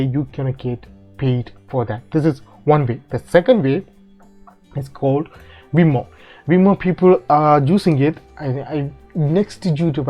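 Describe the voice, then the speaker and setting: A man with a fairly high voice hosts a casual screen-recorded tutorial about making money online. He speaks haltingly, with many fillers, restarts and non-native phrasing. The audio is dull and lo-fi, with faint music underneath.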